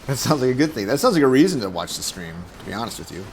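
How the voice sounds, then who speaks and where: A man's voice: mid-range voice, big pitch swings, racing, vocal fry, slight background noise. A man streaming a video game, chatting casually with viewers in a rambling, jokey way and chuckling at his own jokes into a desk microphone. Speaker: gaming streamer.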